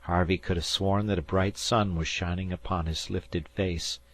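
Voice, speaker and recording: A man reading a classic novel aloud as an audiobook narrator, slow and expressive. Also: low voice.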